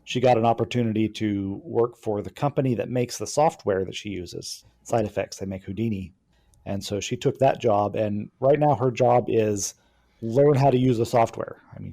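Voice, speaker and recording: A man with a mellow, relaxed voice talks casually on a podcast, wandering through his stories with lots of ums and restarts. His pitch sits in a plain middle range. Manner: rambling, hesitant storyteller with many fillers. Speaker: podcast co-host. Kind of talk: casual chat.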